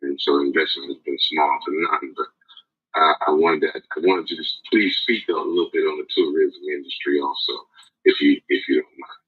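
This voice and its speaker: Deep-voiced man calling in over a tinny phone. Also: steady tone, breathy edge. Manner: formal greeting, earnest and halting, with repeated words. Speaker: caller. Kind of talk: phone-in call to a talk show.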